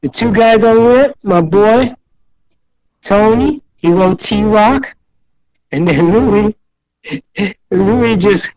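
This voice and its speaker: An older man from New York City, guest in a casual interview, draws out his words in a high, creaky voice with long pauses. He rambles animatedly through stories, acting out other people's quoted voices. The recording is dry and of low quality.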